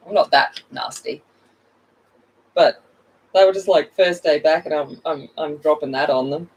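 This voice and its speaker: A middle-aged woman who hosts a coloring channel chats casually while coloring on a livestream, greeting viewers by name and laughing at herself. Her voice is fairly low and moderately paced, and the audio is poor with a distant mic.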